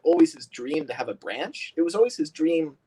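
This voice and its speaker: Animated man chatting on a livestream. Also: fairly high pitch, brisk, husky, low-quality recording. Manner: animated, laughs often, many fillers. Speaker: livestream host. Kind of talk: casual livestream chat.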